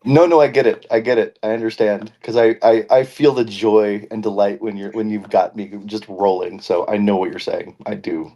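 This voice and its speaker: A man's voice: on the low side, steady tone, normal speed, hardly any pauses, warm tone. A man co-hosting a casual podcast chat, joking and rambling, laughing often. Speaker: podcast co-host.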